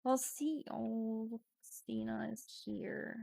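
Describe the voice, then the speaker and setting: A woman's voice: on the high side, fairly even intonation, takes it slowly, gravelly, mellow, dry recording. A woman streaming a text adventure game, reading the story aloud with casual swearing and sudden drops into whispers.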